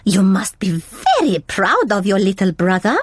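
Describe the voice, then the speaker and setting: A woman voicing a kindly gazelle playgroup teacher in a cartoon, gentle and encouraging. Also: mid-range voice, animated, normal speed, a little hiss or hum, lightly acted.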